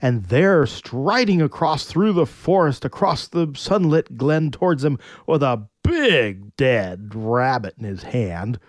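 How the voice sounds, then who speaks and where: Animated man telling a playful story. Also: mid-range voice, slow pace, few pauses, no room sound, clean studio sound. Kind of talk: storytelling narration.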